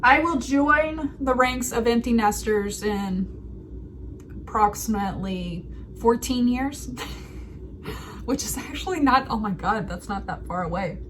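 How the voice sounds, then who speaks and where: A woman's voice: fairly high pitch, slow, a little hiss or hum. A woman in her thirties hosting a writing video, talking through a story casually and laughing at herself. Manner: chatty, animated, laughs at herself.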